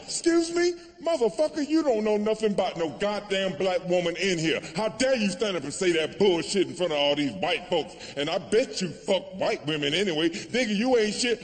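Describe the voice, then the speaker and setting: A man voicing a furious woman in a comedy-club crowd, shrill, cursing and indignant, with a Southern accent, on a live stand-up stage. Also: expressive, normal speed, few pauses. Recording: long hall reverb, faint room noise.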